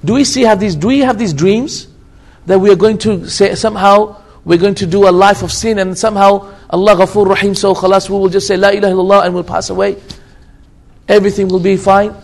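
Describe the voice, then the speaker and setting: A man's voice: high-pitched, fairly even intonation, brisk, creaky. A man delivering a religious lecture in English, stressing points by repeating phrases and swearing by God, with Arabic religious terms woven into his speech. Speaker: Islamic lecturer.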